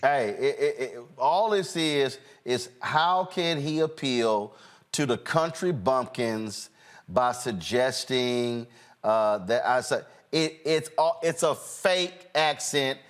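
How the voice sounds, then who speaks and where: A male talk-show host giving animated, mocking political commentary, often halting and restarting. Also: mid-range voice.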